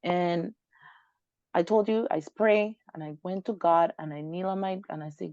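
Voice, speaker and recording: Animated woman telling her story. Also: on the low side, normal speed, no echo. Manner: animated, acts out quoted dialogue. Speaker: guest. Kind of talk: personal storytelling interview. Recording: dull lo-fi dry recording.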